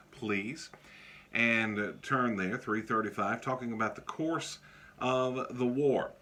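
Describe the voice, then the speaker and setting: A man teaching in a classroom, lecturing in a loose, joking way. He stops often on fillers. His voice sits at a middle pitch and has a bright, forceful edge. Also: slight background noise. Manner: casual and joking, with many fillers.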